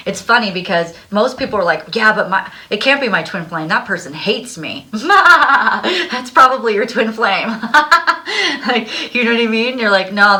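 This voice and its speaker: A woman's voice: mid-range voice, sharp tone. A young adult woman giving a casual tarot reading, bubbly and breathless, laughing often as she talks. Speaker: tarot card reader.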